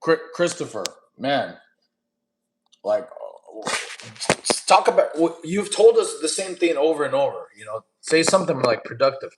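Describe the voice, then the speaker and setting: A man's voice: fairly high pitch, big pitch swings, moderate pace, roomy sound, background noise. A man in his thirties hosting a casual live stream, reading chat questions and giving blunt, laid-back fitness advice. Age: 30s. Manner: casual, coaching, reads chat questions aloud. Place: camp fire stream setting.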